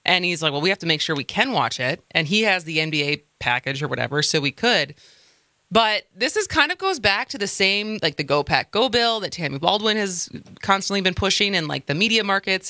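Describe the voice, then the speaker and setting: A woman's voice: mid-range voice, sharp tone, no echo. A woman co-hosting a talk radio show, chatting casually and rambling with frequent laughs. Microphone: studio microphone.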